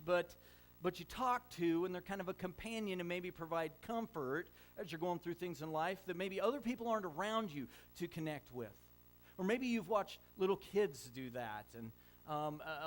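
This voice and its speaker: Middle-aged pastor, chatty storyteller. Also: male voice, high-pitched. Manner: conversational storytelling with frequent fillers and restarts. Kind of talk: sermon.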